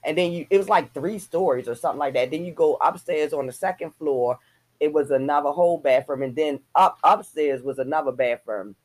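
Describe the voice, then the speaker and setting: A woman co-hosting a casual chat, telling an animated story and swearing freely. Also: low voice, fairly quick. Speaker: podcast co-host.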